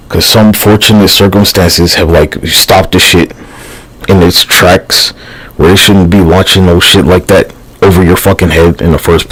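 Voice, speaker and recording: Man, extremely deep voice, gravelly, slow drawl, rambling profane livestream monologue. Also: slight background noise. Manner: meandering, profane, slangy, with frequent sighs and fillers.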